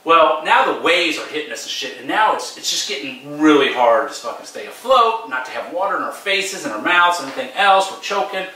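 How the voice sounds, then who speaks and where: A man's voice: on the high side, very animated, fairly quick, few pauses, pushed and bright. A middle-aged man, a podcast host, telling a personal story in a casual, profane, emphatic way. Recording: very echoey room, distant mic.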